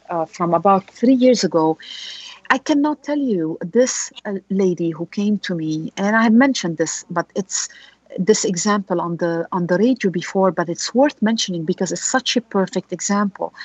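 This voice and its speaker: Husky woman telling a lively radio story. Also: medium pitch, no room sound, muffled recording. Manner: animated storytelling with rhetorical questions. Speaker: lawyer, radio guest. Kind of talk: radio law show conversation.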